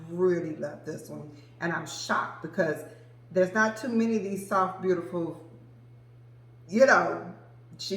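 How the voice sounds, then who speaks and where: A woman's voice: on the low side, fairly bright tone, echoey room, rough recording. A woman in her forties reviewing perfumes in a casual, chatty way, gushing and addressing viewers as "girl" and "y'all". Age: 40s. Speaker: vlogger reviewing fragrances. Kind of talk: casual chat to camera.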